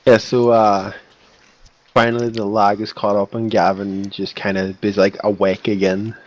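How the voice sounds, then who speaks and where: A man's voice: lowish voice, little pitch movement, normal speed, dull audio. A man playing a tabletop game, speaking briefly and matter-of-factly in casual chat. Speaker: player.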